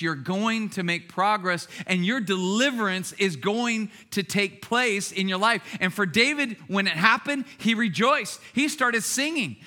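A middle-aged man preaching a sermon as pastor, conversational and lively, with sudden bursts of excited shouting. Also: sits high.

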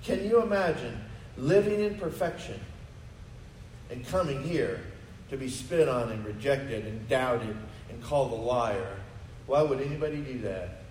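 A man's voice: mid-range voice, animated, measured pace, darkish tone, echoey room, far from the mic, a little hiss or hum, rough recording. A man preaching a sermon to his congregation, emphatic and full of rhetorical questions. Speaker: pastor. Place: church sanctuary.

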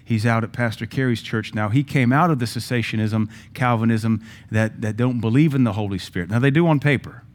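A man preaching to his church congregation. His pitch sits at an ordinary middle level, and his delivery is conversational, with emphatic rises and self-deprecating asides along the way. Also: fairly quick, hardly any pauses. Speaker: pastor. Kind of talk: sermon. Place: church sanctuary.

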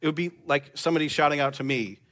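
A man's voice: on the high side, quick pace, fairly bright tone. A male pastor preaching a sermon in a church, conversational and joking with the congregation.

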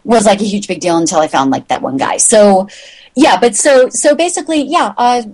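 A woman's voice: lively intonation, normal speed, a little mellow, low-quality recording. Chatty woman acting out her own story. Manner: chatty, rambling, acts out quoted voices with big pitch jumps. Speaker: magazine founder, guest. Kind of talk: casual interview storytelling.

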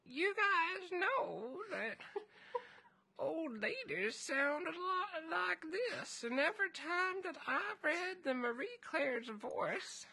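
A well-traveled old village elder woman voiced by a man speaks high and slow, with a Southern twang. Her tone comes out bright and lifted. She is a storybook grandmother figure who has been there and back again. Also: very animated, vocal fry, heavily acted. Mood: playful.

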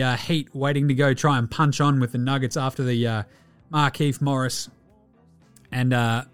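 An Australian man hosting a basketball podcast, talking in a brash, slangy way, swearing freely and laughing often. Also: medium pitch. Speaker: podcast host. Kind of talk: casual sports commentary.

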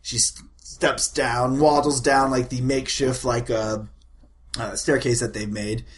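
A man narrating a tabletop game as game master, rambling and animated with many fillers. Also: mid-range voice, a little slow.

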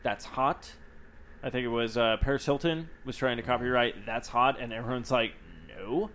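A man's voice: mid-range voice, steady tone, moderate pace, fairly bright tone, a little hiss or hum. A man co-hosting a casual podcast chat, joking and rambling through stories with plenty of swearing. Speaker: podcast co-host.

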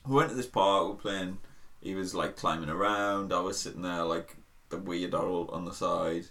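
A man's voice: sits low, fairly even intonation, moderate pace, fairly bright tone. A man, co-hosting a casual podcast and telling wry anecdotes, swearing casually. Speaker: podcast co-host. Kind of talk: casual comedic storytelling.

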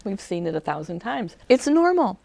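A woman gives a conversational talk to a small group, with plenty of fillers and restarts. Her voice sits at a middle pitch. The sound is dry and close, with no room echo. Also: moderate pace, creaky. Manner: animated, acts out a crying child in a high shout. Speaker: speaker on emotional healing.

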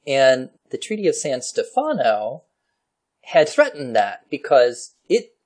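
A man casually explaining history on a podcast, chatty and quick to laugh. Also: medium pitch, huge pitch swings, a little mellow. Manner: chatty, laughs often, slips into playful voices for historical figures.

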